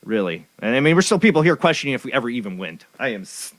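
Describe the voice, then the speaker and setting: A man's voice: mid-range voice, very animated, quick pace, fairly bright tone, no echo. A man hosting a talk show, rambling along in a cynical, sarcastic way. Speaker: show host. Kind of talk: casual talk radio commentary.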